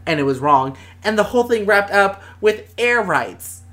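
A woman's voice: medium pitch, expressive, normal speed, fairly bright tone. A woman on a podcast, ranting animatedly in casual chat and swearing a lot. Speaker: podcast co-host.

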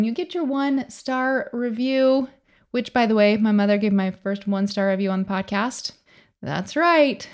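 A woman's voice: mid-range voice, darkish tone. A middle-aged woman hosting a motivational business podcast, talking in an upbeat, emphatic coaching way with lots of rhetorical questions. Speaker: podcast host.

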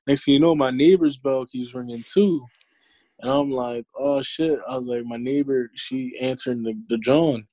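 A man's voice: medium pitch, normal speed, dry recording. A young man chatting casually with a friend over a call, swearing freely and acting out quoted lines as he tells stories. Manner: profane, animated storytelling with acted-out quotes. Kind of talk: casual chat. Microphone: remote call audio.

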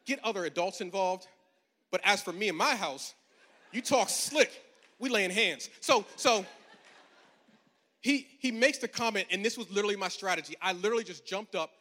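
With a bright, high voice that carries, a pastor in his forties moves briskly through a storytelling sermon for his congregation. His easygoing humor swells into emphatic proclamations, ringing with the long reverb of a big church auditorium.

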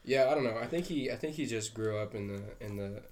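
A man's voice: mid-range voice, fast, darkish tone. A young man co-hosting a podcast, talking casually in a laid-back, rambling way with lots of fillers. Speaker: podcast co-host. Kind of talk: casual chat.

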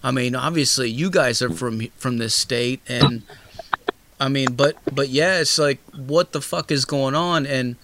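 A man's voice: medium pitch, measured pace, noisy background. A man hosts a loose, casual interview in an ordinary mid-range voice. He rambles through long thoughts full of fillers and restarts, and swears freely as he goes. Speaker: host.

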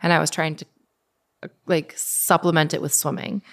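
A woman's voice: low voice, flat delivery, normal speed, vocal fry. A young adult woman telling her story as a guest in casual conversation, chatty, with lots of fillers. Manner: chatty, many fillers, acts out quoted speech.

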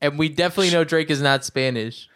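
A man's voice: fairly high pitch, fast talker, a loud crowd. A young man co-hosting a casual podcast, joking around and laughing often. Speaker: podcast co-host. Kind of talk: casual chat.

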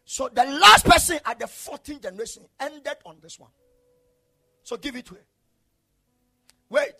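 A male preacher delivering an impassioned sermon, swinging between shouted declarations and low murmurs. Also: lively intonation, moderate pace, creaky.

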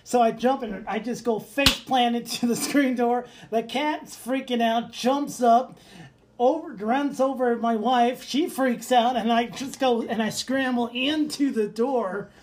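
Laughing, animated male podcast co-host. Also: extremely high pitch, unhurried, slight background noise. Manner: animated storyteller, laughs often. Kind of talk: casual chat.

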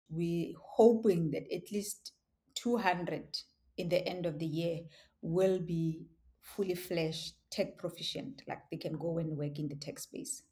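Animated woman telling stories. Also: fairly low pitch. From South Africa. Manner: animated storyteller who laughs often. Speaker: interview guest, tech education founder. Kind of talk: storytelling interview.

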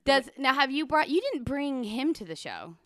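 A woman hosting a podcast, playful and quick to laugh as she asks her guest questions. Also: high voice, big pitch swings. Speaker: podcast host. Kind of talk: casual podcast interview.

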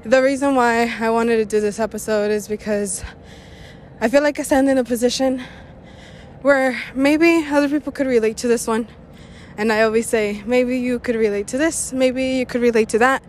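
A woman's voice: a little high, steady tone, moderate pace, a little hiss or hum. Young woman rambling candidly, a bit breathless. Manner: rambling, candid, swears freely. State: out of breath after a run. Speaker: podcast host. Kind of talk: casual personal monologue.

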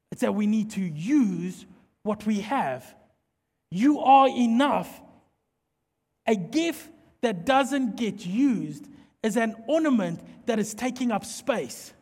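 Man, high voice, sermon, animated, playful, joking, large echoing hall. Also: slow. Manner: animated, playful, jokes with the congregation. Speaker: preacher. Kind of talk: sermon with humorous storytelling. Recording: long hall reverb.

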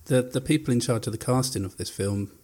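A man's voice: mid-range voice, fast, dark tone. A man reading out film trivia and chatting, a little hesitant. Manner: hesitant, with fillers. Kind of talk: reading out trivia, casual chat.

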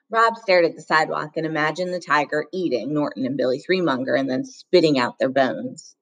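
A woman with a fairly low voice reading a children's novel aloud. Her audiobook narration is measured and steady. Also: rough recording. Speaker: reader.

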